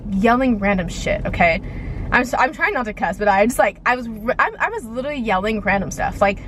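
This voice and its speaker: A woman's voice: on the high side, expressive, brisk, fairly bright tone, rough recording. A young woman tells a personal story in a loose, rambling way. She piles up "like" and keeps checking in with "okay?". Faint noise hums behind her. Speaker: vlogger telling a story. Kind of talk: casual storytime monologue.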